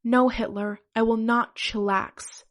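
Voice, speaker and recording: Brash, dim-witted fanboy with shouty outbursts, put on by a woman reading a story. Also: extremely high pitch, little pitch movement, slow pace, exaggerated voice. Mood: angry.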